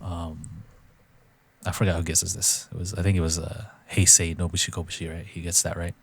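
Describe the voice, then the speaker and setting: A man co-hosting a podcast, retelling a show in casual chat and acting out quotes in sudden high voices. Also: little pitch movement, brisk, vocal fry, breathy edge. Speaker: podcast co-host.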